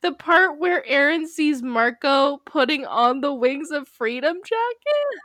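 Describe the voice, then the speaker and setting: A woman co-hosting a podcast, chatting casually, expressive and quick to laugh and get emotional. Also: high voice, no room sound. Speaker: podcast co-host. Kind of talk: casual chat.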